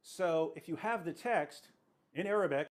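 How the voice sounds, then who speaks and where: A man's voice: on the high side, moderate pace. A man in a played clip who explains an argument with emphatic repetition. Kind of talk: argumentative presentation.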